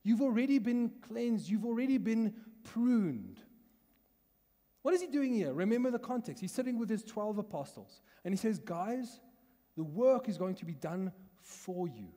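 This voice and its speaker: Pastor, male, South African accent, mellow voice, chatty teaching tone, church hall with long reverb. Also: sits high, animated, normal speed. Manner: conversational teaching, asks the congregation questions, laughs often. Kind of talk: sermon.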